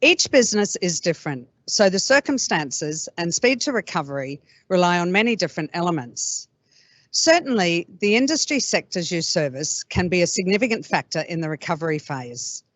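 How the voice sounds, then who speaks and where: Brief: Australian woman, corporate presenter, low-pitched, steady scripted read. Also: dry recording. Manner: measured, read-out delivery. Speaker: company presenter.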